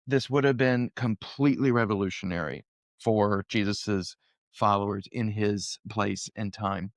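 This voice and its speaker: A man's voice: lowish voice, a bit bright, no echo, clean studio sound. A young man co-hosting a conversational Bible study podcast, speaking in an earnest, thoughtful way and laughing easily. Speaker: podcast co-host.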